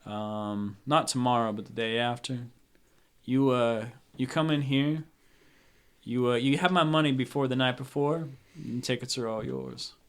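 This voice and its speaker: A man's voice: medium pitch, lively intonation, a little slow, clear, resonant tone. A young man runs a casual tabletop game, describing scenes in a loose, rambling way. He leans on fillers and restarts as he thinks aloud. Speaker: game master.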